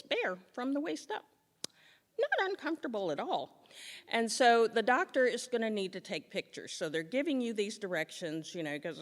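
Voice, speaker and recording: A woman's voice: medium pitch, very animated, normal speed, long reverb tail. A woman on stage telling a comic story about her own life to a live audience, acting out the scenes with self-mocking humor.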